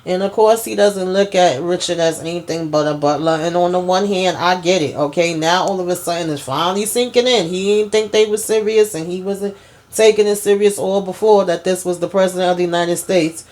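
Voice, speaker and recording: A woman's voice: on the low side, a little fast, darkish tone. A woman hosting a casual TV episode recap, retelling scenes in a chatty way and often adding "you know" and "okay?". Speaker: host.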